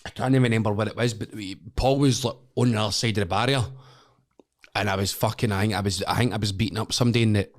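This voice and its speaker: A man's voice: on the low side, fairly even intonation, rapid-fire. A Scottish man, a wrestler guest on a podcast, telling stories in casual chat, swearing a lot and laughing through them.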